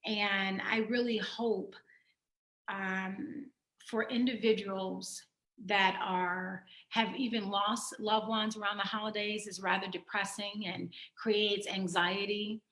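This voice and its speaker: A woman who is a writer and guest, reading her own poem and then speaking reflectively in halting sentences over a video call. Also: mid-range voice, flat delivery, fairly bright tone. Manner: slow, reflective, halting with fillers. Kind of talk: poetry reading and candid conversation. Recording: roomy echo.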